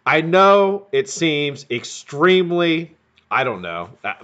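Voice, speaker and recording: A man's voice: medium pitch, fairly bright tone. A man hosting a live stream, telling a rambling, profane story in a casual way. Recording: dull lo-fi stream audio.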